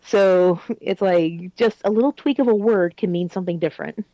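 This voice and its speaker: A woman's voice: mid-range voice, normal speed, mellow, no room sound. A woman in a casual group chat telling a story, laughing often. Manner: giggly storyteller. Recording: dull lo-fi sound.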